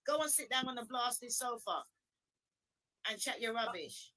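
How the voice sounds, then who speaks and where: A woman calling into a livestream, forceful and indignant as she repeats her points in a heated rant. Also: on the high side, lively intonation, normal speed, poor audio. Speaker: livestream guest.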